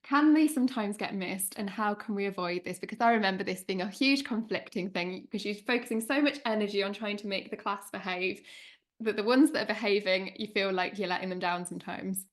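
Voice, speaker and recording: A woman hosting a podcast interview, asking questions in a quick, chatty way. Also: mid-range voice. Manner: quick, chatty, laughs easily. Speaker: podcast host.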